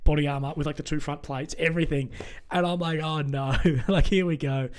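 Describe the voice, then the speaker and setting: A young Australian man telling stories in a relaxed chat, with lots of fillers. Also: on the high side, fairly quick. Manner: chatty storytelling, many fillers. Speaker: host. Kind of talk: casual chat.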